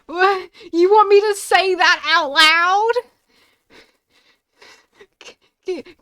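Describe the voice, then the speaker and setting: High-voiced exasperated woman streamer. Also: slow, long pauses, dry recording. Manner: loud, exasperated, crude reactions. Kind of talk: live game playthrough commentary.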